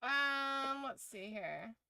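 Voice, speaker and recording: Bright-voiced tired woman streamer. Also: high-pitched, expressive, extremely slow, gravelly, no echo, studio quality. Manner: chatty and rambling, swears casually. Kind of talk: casual livestream chat.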